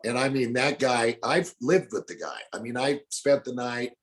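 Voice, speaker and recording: An older man telling animated stories in an interview, acting out the people he quotes. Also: medium pitch, normal speed. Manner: colorful storyteller, acts out quotes in other voices. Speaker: bounty hunter guest.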